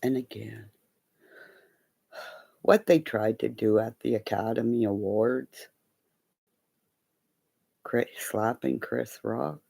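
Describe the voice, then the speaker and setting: Speaking slowly with long pauses, this middle-aged live streamer has a husky, creaky bass voice. She rambles through profane stories in casual chat, animated and acting out the voices of those she describes.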